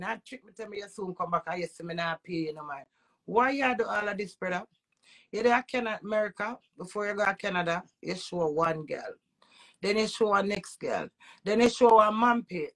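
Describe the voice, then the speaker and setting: A woman's voice: medium pitch, normal speed, gravelly, a bit bright. A woman with a Jamaican accent, a vlogger delivering an agitated, repetitive emotional rant full of swearing.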